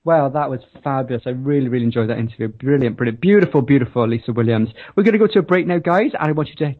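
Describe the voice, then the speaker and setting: A man from Wales with a softened Welsh accent, hosting a radio show and speaking in an effusive way, laughing often. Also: medium pitch, racing. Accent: Welsh softened toward English. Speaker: radio host. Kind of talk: radio interview chat. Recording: tinny phone-like radio sound.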